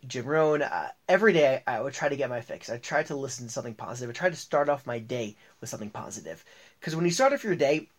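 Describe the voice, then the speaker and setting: A man hosting a motivational podcast, talking in an upbeat, chatty way with a few fillers and restarts. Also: medium pitch. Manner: upbeat, reads ads and tells jokes with restarts and fillers. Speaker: podcast host.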